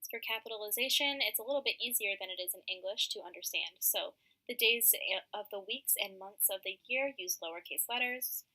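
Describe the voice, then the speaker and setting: Young woman presenter with a sharp, bright voice, steady mid pitch, reading class slides aloud. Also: fairly quick, poor audio. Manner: reads from slides with frequent ums.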